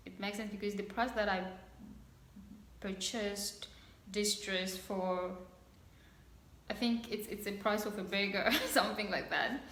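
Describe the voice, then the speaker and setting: A woman's voice: medium pitch, fairly even intonation, a little slow, long pauses, fairly bright tone, roomy sound, low-quality recording. A young woman from Congo doing a casual unboxing chat, bubbly and gushing, laughing often. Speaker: vlogger.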